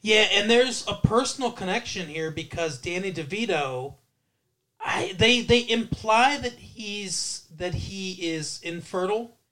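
High-voiced playful man rambling. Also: unhurried, bright, forceful tone. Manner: playful, rambling, breaks into bits of funny voices. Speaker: podcast co-host. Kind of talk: casual movie-review banter.

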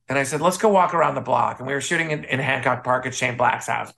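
Speaking at a quick pace with vocal fry and a medium pitch, a man from the Midwest, a photographer and author, casually shares anecdotes as an interview guest. He animates his stories by acting out the people he quotes.

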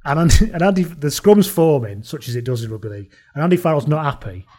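A man's voice: fairly high pitch, expressive, quick pace, warm tone. Chatty British man telling stories. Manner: storytelling, swearing, laughing often. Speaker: podcast co-host. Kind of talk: casual chat.

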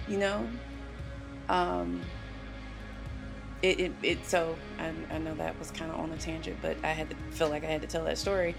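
A woman's voice: sits low, steady tone, moderate pace, creaky, pauses often, over music. A woman on a podcast telling a personal story in an earnest, emotional way, with lots of "you know" and "like". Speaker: podcast guest.

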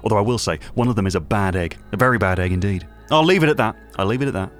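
An actor playing a gossipy, self-regarding British local radio host with a British accent, rambling from one aside to the next in a comedy radio monologue. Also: male voice, on the low side, lively intonation, racing, faint music behind, natural voice.

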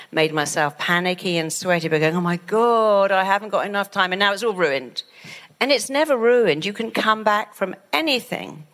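A middle-aged woman giving a motivational talk, acting out anxious inner voices in an animated way. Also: fairly low pitch. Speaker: author and speaker.

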